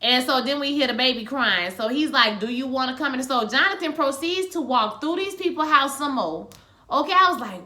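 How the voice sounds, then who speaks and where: A woman giving a casual, animated recap of a TV episode, sassy and talking straight to her viewers. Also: high-pitched, brisk. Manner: animated, sassy, addresses viewers as "y'all" and "child". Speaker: TV recap vlogger.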